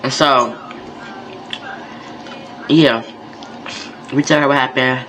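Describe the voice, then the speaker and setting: A man's voice: mid-range voice, steady tone, takes it slowly, fairly bright tone, slight background noise, poor audio. A young man from North Carolina, telling a story in a laid-back, conversational vlog style. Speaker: vlogger.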